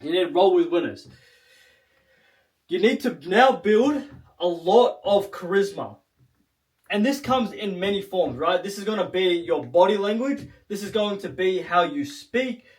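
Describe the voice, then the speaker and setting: A man's voice: high voice, lively intonation, a little slow. A man giving a blunt motivational talk to camera as a self-improvement coach, emphatic and profane, often tagging lines with "right?". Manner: emphatic, blunt, swears, keeps asking "right?".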